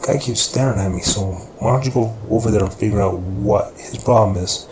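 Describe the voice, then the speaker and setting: A man's voice: fairly low pitch, a little fast, close to an everyday voice. A man voicing a brutal, mocking neighborhood drug boss in a narrated story. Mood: menacing. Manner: menacing, mocking. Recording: echoey room with background noise.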